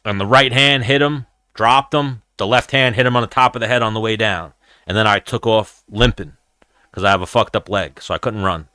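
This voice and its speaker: A man hosting a casual live-stream fight chat, telling animated, profane stories about brawls he has been in and reacting to viewer comments. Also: fairly low pitch, brisk, smooth, no room sound, clean studio sound.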